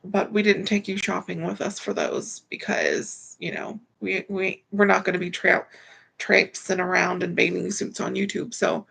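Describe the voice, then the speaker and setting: A woman's voice: medium pitch, normal speed, vocal fry, a bit bright, husky. A tired woman hosts a casual livestream from home, greeting viewers by name. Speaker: livestream host.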